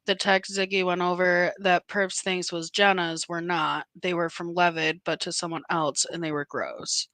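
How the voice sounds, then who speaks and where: A woman co-hosting a livestream, speaking softly and reading out viewer comments. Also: lowish voice, flat delivery, normal speed, hardly any pauses, no room sound. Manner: soft-spoken, reading comments aloud. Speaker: co-host. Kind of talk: casual chat on a livestream.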